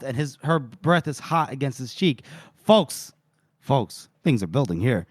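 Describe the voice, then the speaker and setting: High-voiced man retelling a story. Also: measured pace, no room sound, clean studio sound. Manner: animated storyteller, quotes characters, laughs often. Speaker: podcast co-host recapping a book. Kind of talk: casual chat, retelling scenes.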